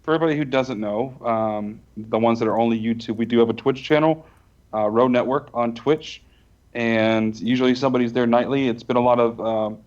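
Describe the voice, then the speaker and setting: A relaxed man co-hosts a podcast in a middle-pitched voice, with small chuckles. His mic sounds dull and lo-fi, and keyboard typing can be heard behind him. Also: a little fast. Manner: relaxed, chuckling, promo-reading. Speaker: podcast co-host. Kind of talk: casual podcast chat.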